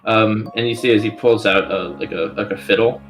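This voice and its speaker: Halting man running a game. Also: fairly low pitch, fairly even intonation, soft background music. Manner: halting, full of ums and likes. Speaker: dungeon master. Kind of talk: narrating a tabletop game.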